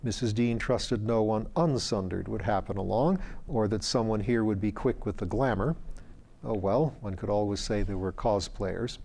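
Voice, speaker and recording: Man, audiobook narration, measured, dry wit, warm dark tone. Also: fairly low pitch.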